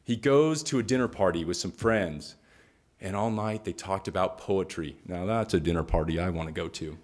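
A man's voice: deep voice, normal speed. A man giving a storytelling talk, retelling a myth dramatically with lots of repetition. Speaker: speaker.

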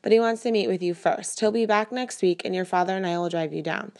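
A woman voicing a calm, reassuring mother of a teenage girl in a storybook reading. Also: lowish voice, fast talker, natural voice.

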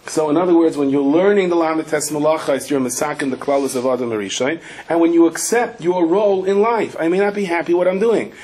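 Man, rabbi, Torah class, anecdotal storytelling, fairly high voice. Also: fairly quick, few pauses, darkish tone.

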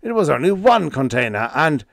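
A gruff, blustering old ship captain in a sci-fi audiobook, voiced by a male narrator, speaking somewhat higher and louder than the narrator's own voice. His talk is folksy and ungrammatical, and the sound is dry and close. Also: big pitch swings, moderate pace, no room sound, exaggerated voice.

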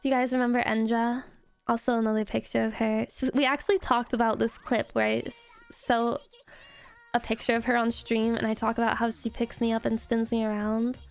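A woman's voice: on the high side, flat delivery, a little fast, dry recording, soft background music. A woman streaming as a VTuber, chatting casually and gushing through a story with lots of giggles.

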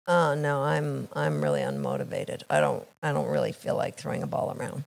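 A woman's voice: extremely low pitch, expressive, a little fast, creaky, darkish tone, voice pushed down, heavily acted. Woman playing a listless, mumbling couch potato. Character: bored unmotivated man refusing to play.

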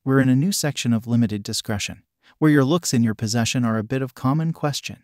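A man's voice: mid-range voice, fast, darkish tone, no room sound, lightly acted. A brash teenage girl, read by a man, barks orders and spits rhymes. The recording is dry and close, in a medium voice. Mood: bossy. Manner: brash, commanding, rhyming. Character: loud bossy invisible teen girl.

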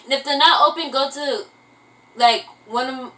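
A woman's voice: high voice, moderate pace, sharp tone, distant mic, a little hiss or hum, low-quality recording. A young woman vlogging in casual chat, rambling and self-mocking, who keeps breaking into bits of song. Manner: breaks into singing snatches. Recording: voice from away from the mic.

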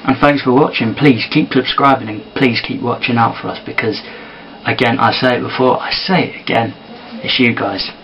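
A man talking quietly and softly to camera in a casual sit-down vlog. He sounds tired. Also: medium pitch, fairly even intonation, moderate pace, highs cut off. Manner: quiet and soft-spoken. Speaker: vlogger and amateur filmmaker.

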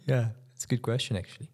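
A man's voice: mid-range voice, animated, brisk, darkish tone, husky. A racing driver chatting casually on a podcast, often stumbling over his words and laughing. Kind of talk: casual chat.

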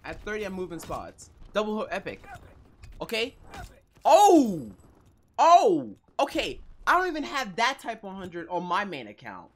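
A gaming YouTuber giving casual, slangy commentary, growing frustrated and excitable as it goes. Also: mid-range voice, a little fast, few pauses.

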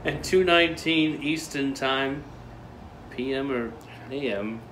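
A man's voice: mid-range voice, slow pace, noisy background, close to an everyday voice. A man putting on a hammy Boston newsreader. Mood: mock-dramatic. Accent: Boston, put on. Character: man reading a news article in a put-on accent. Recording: echoey room.

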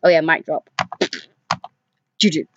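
A woman's voice: sits low, steady tone, unhurried, muffled recording, noisy background. A young woman giving casual let's-play commentary, chatting to the characters in her game with sighs and groans. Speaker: gaming YouTuber. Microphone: desk microphone.

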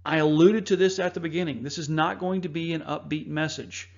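A man narrates over slides as host, earnest and measured, pausing on fillers. His voice is gravelly and sits a little high. The recording sounds somewhat dull and lo-fi. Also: steady tone.

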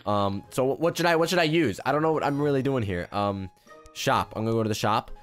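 A man's voice: mid-range voice, lively intonation, fast, faint music behind. A young man joking and rambling through casual gameplay commentary, with frequent restarts. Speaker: gaming YouTuber.

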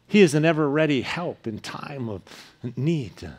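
A man, a pastor, preaching a sermon in an earnest way, his voice often falling soft at the ends of phrases. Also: a little high, animated, measured pace. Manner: earnest preaching with softer dropping phrase endings.

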